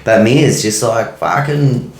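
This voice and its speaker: A man's voice: medium pitch, animated, slow pace, vocal fry, roomy sound. A man with an Australian accent co-hosting a casual podcast, telling long rambling stories with plenty of swearing. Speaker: podcast co-host.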